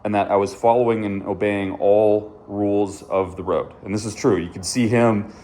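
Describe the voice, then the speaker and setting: A man's voice: on the low side, fairly even intonation, moderate pace, mellow. A motorcycle vlogger, a man, casually telling his viewers a story, candid and swearing freely. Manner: candid, swears often, addresses viewers as dude and bro.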